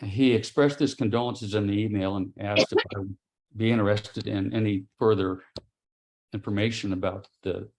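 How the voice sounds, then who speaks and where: A middle-aged man, an interview guest, giving a grave personal account in a halting way, with pauses and restarts. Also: fairly low pitch, steady tone. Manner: quiet and grave. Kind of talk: personal testimony.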